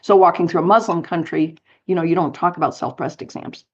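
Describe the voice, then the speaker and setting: A woman's voice: lowish voice, brisk, dull audio. Middle-aged woman telling stories. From United States, Colorado. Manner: animated anecdotes with light laughs. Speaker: guest, author and speaker. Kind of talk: storytelling interview.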